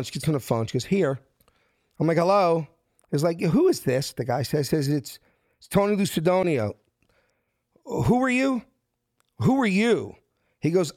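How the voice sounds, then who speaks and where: A South Philadelphia man appears as a guest, casually telling a story and animatedly acting out the dialogue in different voices. His voice is a little high, with clean studio sound and no room sound.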